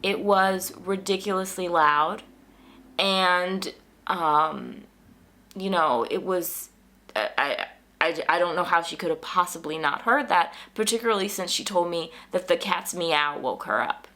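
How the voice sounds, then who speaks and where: Woman, vlogger, casual storytelling, animated, exasperated, voice jumps up high on quotes. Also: unhurried. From United States. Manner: animated and exasperated, pitch jumps up when quoting herself.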